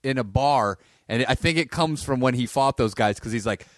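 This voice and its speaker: Male comedian guest, laid-back, mid-pitched voice, dry sound. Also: normal speed, no echo. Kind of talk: casual chat.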